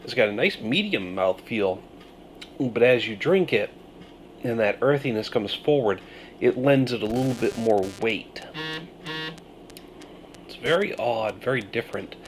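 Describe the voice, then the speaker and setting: A man's voice: mid-range voice, expressive, slight background noise. Musing man reviewing a beer on camera. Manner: musing, thoughtful tasting notes with pauses and hums. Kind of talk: casual beer review vlog.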